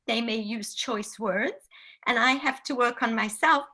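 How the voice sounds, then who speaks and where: A woman's voice: a little high, measured pace, bright, forceful tone. A woman co-hosting a parenting podcast, talking casually and earnestly, repeating phrases for emphasis. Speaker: podcast co-host. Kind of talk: casual advice chat.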